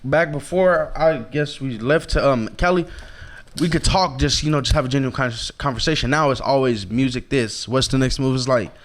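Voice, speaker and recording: A man's voice: mid-range voice, moderate pace. A young man from Oklahoma, a rapper guest in casual podcast chat, talking earnestly and reflectively in slang.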